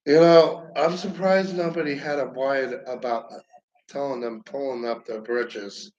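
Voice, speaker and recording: A man giving a rambling stand-up comedy monologue, halting and profane, with lots of fillers and restarts. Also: mid-range voice, steady tone, darkish tone, dull audio. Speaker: amateur comedian.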